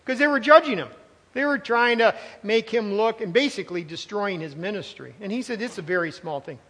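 A man's voice: high-pitched, fairly bright tone. A man preaching a sermon as pastor, emphatic and conversational, repeating words for stress and adding asides. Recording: long hall reverb.

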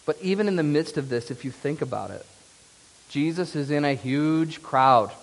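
A man's voice: a little high, lively intonation, normal speed, in a large hall. A man preaching a sermon in an earnest, emphatic way. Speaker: pastor.

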